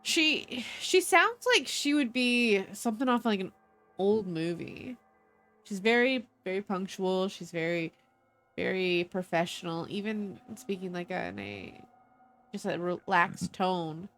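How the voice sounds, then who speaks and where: A woman running a tabletop horror game, narrating scenes in an unhurried, descriptive way and calling for dice rolls. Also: mid-range voice, expressive, a bit bright, soft background music. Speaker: game master.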